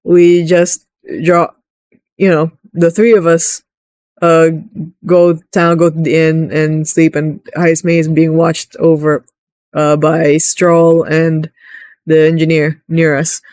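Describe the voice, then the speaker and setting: A woman's voice: deep voice, completely flat delivery, takes it slowly, darkish tone, dry recording. A woman casually retelling a tabletop game session, rambling with many restarts and fillers. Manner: rambling, full of restarts and "you know".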